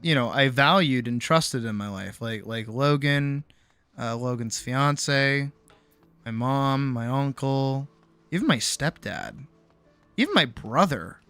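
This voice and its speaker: A man's voice: mid-range voice, lively intonation, takes it slowly, fairly bright tone, clear, resonant tone, no echo, soft background music. A young adult man streamer telling a personal story in casual chat, acting out both sides of the conversation and often restarting his words. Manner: frequent restarts and repeated words.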